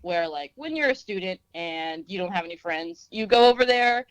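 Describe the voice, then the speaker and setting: A woman's voice: lowish voice, lively intonation, moderate pace, clean tone, no echo, lo-fi sound. A young woman from Texas, a singer-songwriter guest talking in a laid-back, self-deprecating way, full of "like" and "um". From Austin, Texas. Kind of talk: casual interview.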